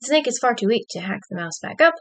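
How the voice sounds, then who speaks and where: A woman's voice: on the high side, lively intonation, fast. A woman streamer reading an interactive story aloud, dropping wry, dry asides between passages.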